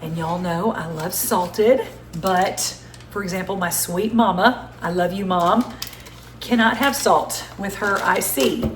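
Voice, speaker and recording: A Southern American woman in her sixties hosts a home cooking show from her own kitchen, speaking slowly in a lowish voice with a Southern accent. She chats and gushes, laughing often, and the kitchen sounds echoey with faint ambience.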